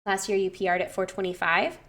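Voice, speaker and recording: A young woman coaching in a loose, chatty way, breaking down a client's form. Her voice is bright and forward, and she swears freely and gushes when something impresses her. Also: mid-range voice, little pitch movement, fast. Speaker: personal trainer. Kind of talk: casual coaching review.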